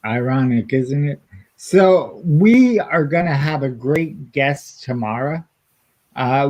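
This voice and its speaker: A man's voice: on the high side, a little mellow, poor audio. A man co-hosting a casual podcast, talking in an earnest, easygoing way with frequent fillers. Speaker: podcast co-host and stand-up comedian.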